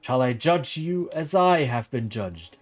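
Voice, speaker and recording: A man voicing a stately priest who presides over a knighting, speaking loud, slow and ceremonially. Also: mid-range voice, very animated, faint music behind.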